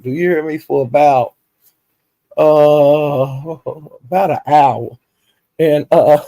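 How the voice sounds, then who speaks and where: A man's voice: medium pitch, gravelly, no echo. A man hosting a livestream, retelling drama in casual, profane, drawling gossip commentary. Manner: animated, profane, drawling storytelling. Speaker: livestream host.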